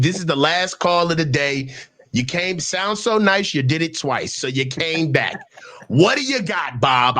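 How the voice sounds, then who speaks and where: A man hosting a sports call-in show, teasing callers with loud, profane hype talk. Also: on the high side. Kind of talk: casual call-in banter.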